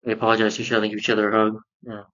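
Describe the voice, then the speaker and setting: A man's voice: on the low side, monotone, racing, fairly bright tone. Rambling man recapping a cartoon, lo-fi. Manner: rambling recap full of "you know" fillers. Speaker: cartoon reviewer. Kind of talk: casual spoken review.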